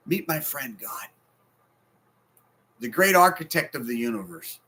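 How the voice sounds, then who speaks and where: A man in his forties preaching a heartfelt sermon, swinging between loud bursts and hushed, near-whispered lines. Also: medium pitch, moderate pace, slightly rough. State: sleepless and stressed. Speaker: pastor.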